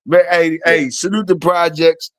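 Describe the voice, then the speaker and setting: A man's voice: on the high side, fairly even intonation, a little slow, no echo. A man hosting a casual livestream, talking in slangy, profane, repetitive banter to his chat and guests. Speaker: livestream host.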